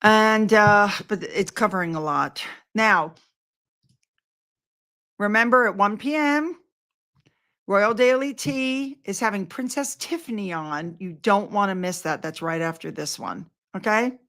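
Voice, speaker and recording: A woman's voice: mid-range voice, unhurried, fairly bright tone. An older woman vlogging from home, talking straight to her viewers. She rambles from one thing to the next with effusive enthusiasm, keeping everything loose and casual.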